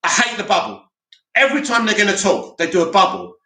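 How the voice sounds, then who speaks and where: A fast-talking man runs a live stream, shooting back blunt, opinionated responses to his chat. His slightly high voice comes across sharp and forward, and his room has an echo.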